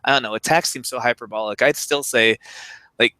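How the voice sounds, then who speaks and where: A man co-hosting a casual podcast, talking in a relaxed way with lots of filler words. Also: medium pitch, brisk, clean tone, no echo, rough recording. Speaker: podcast co-host.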